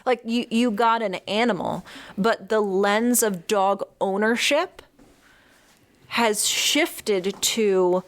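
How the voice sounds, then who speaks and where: A woman's voice: mid-range voice, slow pace. A woman dog trainer talking frankly on a podcast, swearing freely as she explains her views. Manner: frank, swears freely, acts out owners' voices. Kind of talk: casual podcast chat.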